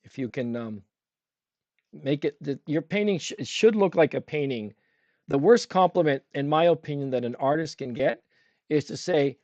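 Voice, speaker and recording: A man's voice: a little high, animated, normal speed, darkish tone, dry recording, lo-fi sound. A man teaching a livestream painting demo, chatting with his viewers and asking them questions as he paints. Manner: talks with a brush in his mouth at times. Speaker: art instructor.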